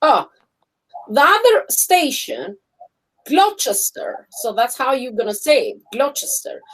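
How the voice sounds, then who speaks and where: A woman from Albania with an Albanian accent, co-hosting a casual live-stream chat, animated and laughing often. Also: sits high, measured pace, poor audio. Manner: animated, laughs often, acts out quoted people. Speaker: co-host. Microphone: phone or webcam on a live stream.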